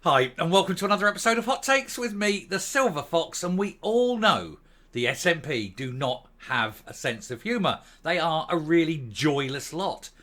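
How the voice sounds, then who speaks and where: A man's voice: fairly high pitch, very animated, normal speed, pushed and bright. A man hosting his own political opinion show, ranting with scorn and sarcasm. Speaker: host.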